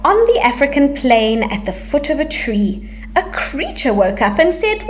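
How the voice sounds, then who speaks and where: A woman reading a rhyming picture book aloud to children, with a lively, sing-song delivery. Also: sits high, moderate pace, slight background noise. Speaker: storyteller for children.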